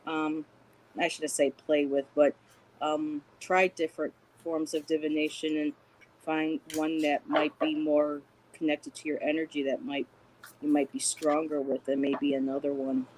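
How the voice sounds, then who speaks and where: Gentle, encouraging woman guest. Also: low voice, flat delivery, moderate pace, a little hiss or hum, rough recording. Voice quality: gentle, encouraging, many fillers. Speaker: guest intuitive reader. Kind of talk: casual spiritual chat.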